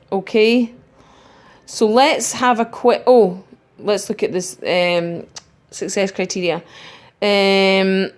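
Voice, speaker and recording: A middle-aged woman gives a recorded spelling lesson at an unhurried pace. Her pitch sits mid-range as she carefully spells out letters and pauses on ums. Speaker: primary school teacher.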